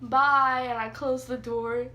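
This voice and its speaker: Young woman, high voice, chatty storytime vlogger, lots of fillers. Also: animated, measured pace, sharp tone. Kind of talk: casual storytime vlog. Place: sitting on the floor indoors.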